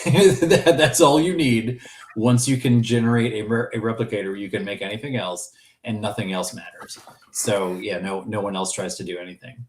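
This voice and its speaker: A man's voice: on the low side, fairly even intonation, moderate pace, echoey room. A man co-hosting a fan podcast in casual chat, enthusiastic and joking, with frequent restarts. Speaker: podcast co-host.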